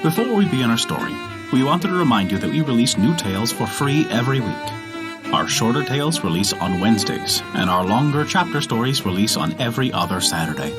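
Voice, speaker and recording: A man telling a folk tale as a podcast storyteller, in gentle, expressive scripted narration. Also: medium pitch, a little fast, music in the background.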